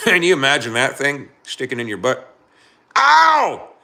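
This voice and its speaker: A man's voice: medium pitch, expressive, moderate pace, sharp tone. A man hosting a casual live stream, laughing often and talking straight to his chat. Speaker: livestream host.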